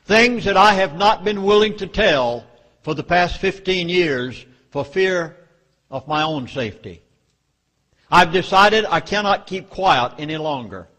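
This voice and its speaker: A man's voice: sits high, lively intonation, measured pace, fairly bright tone. A man with a Southern US accent giving an emphatic speech to a live audience, with dramatic warnings. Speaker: public speaker.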